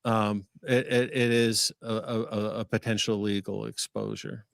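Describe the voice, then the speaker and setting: Measured man with halting fillers. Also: on the low side, level tone, vocal fry, no echo, studio quality. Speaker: livestream co-host. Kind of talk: casual chat.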